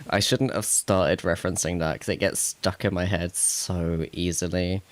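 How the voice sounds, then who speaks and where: With a deep, steady voice at a normal pace, a man live-streams casually, rambling to himself while he fixes tech problems. He keeps laughing at himself in a self-mocking way.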